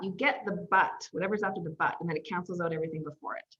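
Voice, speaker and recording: A woman coach teaching an online masterclass, talking in an animated way, acting out the phrases she quotes and laughing often. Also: on the low side, rapid-fire. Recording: slightly dull lo-fi audio.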